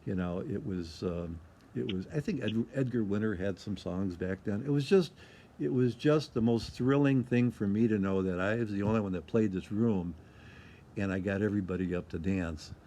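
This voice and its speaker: A man's voice: on the low side, moderate pace, dark tone. An older man from Michigan, an interview guest who tells stories in a rambling way, repeats himself and acts out what people said. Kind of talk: casual storytelling.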